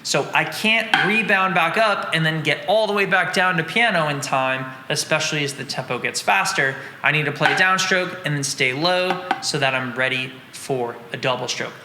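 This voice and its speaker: A man's voice: fairly high pitch, normal speed, hardly any pauses, reverberant, big-room sound, noisy background. A man teaching drums, patiently explaining and counting out strokes in an instructional lesson. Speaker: drum teacher.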